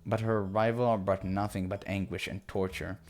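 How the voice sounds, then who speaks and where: A man narrates a visual novel in the first person during a playthrough. His voice sits fairly low, and his reading is steady and earnest. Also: normal speed, soft background music. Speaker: let's-play narrator.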